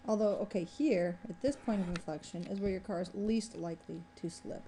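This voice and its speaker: A woman's voice: mid-range voice, brisk, warm tone, a little hiss or hum. A woman math professor giving a recorded exam review, thinking aloud and pointing at a graph as she works through the problem.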